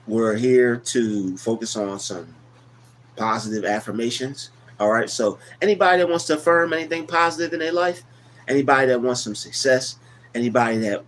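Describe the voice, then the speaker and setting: A man of middle pitch hosts a casual livestream, circling back over his words and leaning preachy as he talks. A faint background ambience sits under his voice. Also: a little hiss or hum. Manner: loose, repetitive, preachy. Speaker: livestream host. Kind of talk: casual motivational livestream talk.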